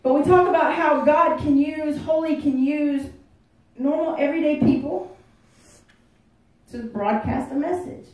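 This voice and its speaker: A woman's voice: high-pitched, a little slow, a little mellow. A woman pastor preaching a sermon in a church, folksy and conversational, joking with the congregation. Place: church sanctuary. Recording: echoey room, voice heard from a distance.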